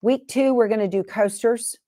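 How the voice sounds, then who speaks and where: A woman with a mellow, slightly high voice hosts a sewing livestream at a moderate pace. She chats casually with viewers, rambling from one topic to the next, jumping around and interrupting herself.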